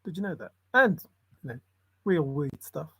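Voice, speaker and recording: A man's voice: fairly high pitch, very animated, normal speed, a bit bright, husky, no room sound. A man rambling in a solo monologue, muttering to himself and breaking into sudden exclamations. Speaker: channel host.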